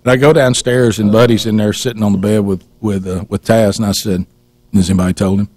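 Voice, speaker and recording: A man's voice: lowish voice, steady tone, quick pace, a little mellow, dry recording. Man rambling through a teasing story. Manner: rambling, teasing, with many restarts. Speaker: radio show host. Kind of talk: casual storytelling chat. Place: radio studio.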